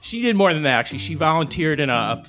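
A man from Chicago tells a funny story in a loose, rambling, swearing style. His voice sits a bit high for a man, and he talks with lively energy. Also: fast talker. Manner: rambling, profane, animated. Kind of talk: live comic storytelling.

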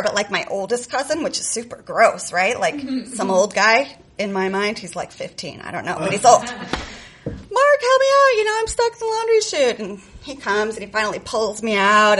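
A woman's voice: medium pitch, fairly bright tone, rough recording. A woman from Chicago telling a profane, sarcastic personal story to a live audience, laughing often. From Chicago, USA.

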